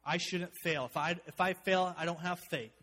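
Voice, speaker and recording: A man preaching a sermon as pastor, animated, with joking asides, swinging from loud to hushed. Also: high-pitched, normal speed, in a large hall.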